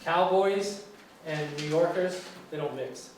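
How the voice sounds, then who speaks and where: An older man with a New York accent, a guest lecturer answering student questions in a relaxed, rambling way with fillers and restarts. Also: on the high side, slow. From New York City. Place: large lecture room. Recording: echoey room, far mic, faint noise.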